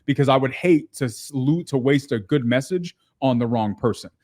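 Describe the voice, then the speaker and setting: Guy on a podcast explaining stuff step by step, medium pitch, easygoing. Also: moderate pace, warm tone. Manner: explains step by step, acts out quoted voices. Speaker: podcast guest, real estate investor. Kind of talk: casual interview chat.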